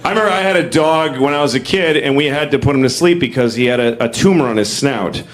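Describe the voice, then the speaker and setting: A man's voice: fast, background noise. A man in his forties doing a profane, exasperated, self-deprecating stand-up routine, swinging into quoted voices. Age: 40s. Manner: acts out quoted voices with big pitch swings. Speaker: stand-up comedian.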